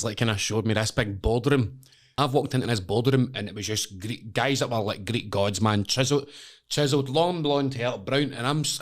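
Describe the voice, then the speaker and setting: A young Scottish man tells stories in a lively, unfiltered way, full of swearing. He keeps slipping into other people's voices as he goes, in a relaxed podcast chat at a middle pitch. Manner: animated, swearing, acts out voices. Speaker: podcast guest, wrestler. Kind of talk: casual storytelling chat.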